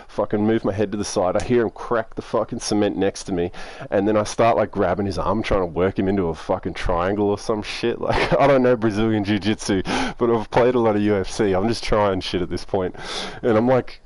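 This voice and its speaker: Young Aussie streamer, low voice, relaxed rambling storyteller who swears a lot. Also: male voice, brisk, dry recording. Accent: Australian. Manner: rambling, laid-back, heavy swearing. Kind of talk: casual storytelling.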